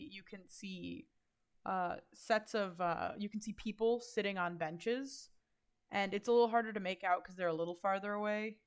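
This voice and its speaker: A woman's voice: mid-range voice, smooth. A woman narrating a tabletop game as game master, describing scenes loosely with lots of fillers.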